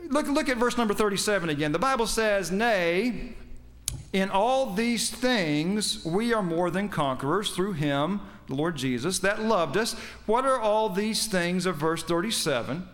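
A man's voice: sits high, lively intonation, a little slow, a bit bright. A man preaching a sermon, quoting scripture with emphasis and putting questions to his congregation. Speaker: pastor.

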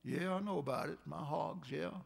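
A frightened, dying old plantation master, as a preacher puts him on in a sermon story speaks weak, low and hushed. He drops at times into a whisper. The voice is gravelly. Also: normal speed, full character voice.

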